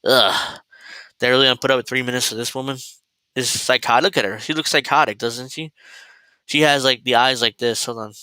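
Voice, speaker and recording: A man's voice: mid-range voice, fairly even intonation, a little fast, sharp tone, clean tone, no room sound, poor audio. A man hosting a political commentary livestream, rambling and sarcastic, full of fillers and restarts. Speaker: host.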